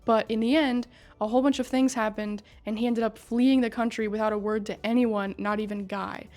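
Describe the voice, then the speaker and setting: Excitable young-sounding woman recapping a story. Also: on the high side, a little fast. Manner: excitable, swears and laughs a lot, talks to the characters.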